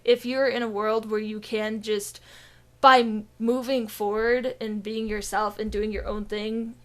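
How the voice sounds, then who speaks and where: A woman co-hosting a casual gaming podcast, rambling with restarts, laughter and swearing. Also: fairly high pitch. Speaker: podcast co-host.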